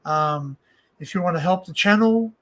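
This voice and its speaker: A man's voice: high voice, moderate pace, a bit bright. Aussie guy chatting on his home livestream, rambly, lots of ums and restarts, desk mic. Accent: Australian. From Australia. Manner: rambling, many fillers and restarts. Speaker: livestream host. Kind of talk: casual livestream chat. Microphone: desk microphone.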